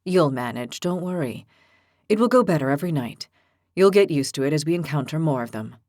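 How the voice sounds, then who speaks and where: A woman voicing a calm, philosophical young man with an ox's head, who speaks patiently and reasons things out. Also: low voice, moderate pace, no echo, clean studio sound, voice pushed down. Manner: patient, reasoning, gently teasing.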